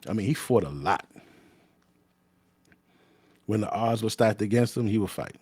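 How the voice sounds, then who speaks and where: Blunt, profane New man, low dry voice. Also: lively intonation, normal speed, darkish tone, husky, no room sound. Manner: blunt, profane, restarts his sentences. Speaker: former corrections officer. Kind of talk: casual storytelling.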